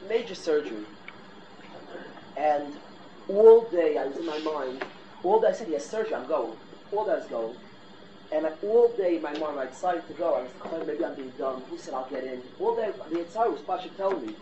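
A man's voice: on the high side, lively intonation, a little fast, mellow. A middle-aged man, a rabbi, giving a fiery, exhorting sermon to his class, sprinkling in Hebrew and Yiddish terms. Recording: roomy, dull lo-fi recording with noise.

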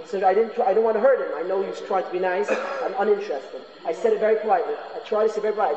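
A man's voice: high voice, racing, few pauses, a little mellow. A man giving an informal Torah lecture. He is earnest and often repeats his phrases for emphasis. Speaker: Torah class teacher. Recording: echoey hall, dull lo-fi sound.

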